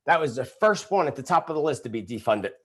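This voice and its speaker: A man's voice: mid-range voice, big pitch swings, fast talker, slight background noise. A middle-aged man hosting a live stream, talking in an indignant, sarcastic rant and reading viewer comments. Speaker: psychic host of live stream.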